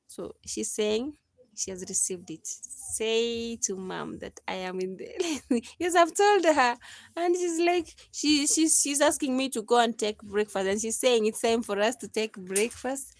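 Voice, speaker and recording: Kenyan lady doing a casual live stream, bit high pitched, dry close sound, laughs a lot, gets preachy. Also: animated, unhurried, no room sound. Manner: chatty, laughs often, preachy asides.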